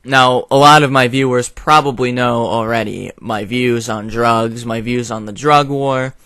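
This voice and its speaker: Young man, slow, deliberate opinion vlogger who swears bluntly, clean dry sound. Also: mid-range voice, fairly even intonation, bright, forceful tone, smooth, no echo. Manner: blunt, profane, frequent fillers. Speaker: video commentator. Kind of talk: opinion rant to camera.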